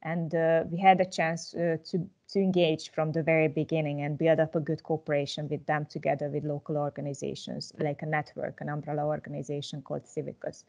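A woman's voice: deep voice, flat delivery, fairly quick, vocal fry, few pauses, a little mellow. A woman presenting a worked example at an online workshop, speaking hesitantly with many fillers.

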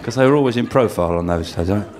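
A man doing a live stand-up routine on a comedy stage, with deadpan asides between acted rants. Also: lowish voice, very fast. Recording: live album with loud crowd laughter and noise.

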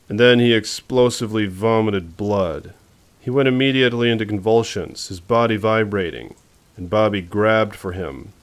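A man narrating a novel as an audiobook, in a measured, suspenseful reading. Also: on the low side.

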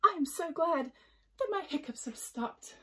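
A woman voicing a nervous little jellyfish with hiccups, in a high squeaky voice that breaks into shrieks. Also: moderate pace, slightly rough. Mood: relieved.

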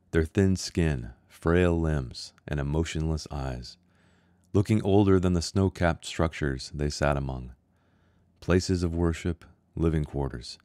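A man who is an author reading his own short story aloud in a measured, somber way. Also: rumbling low, darkish tone, no room sound, clean studio sound. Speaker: author and host.

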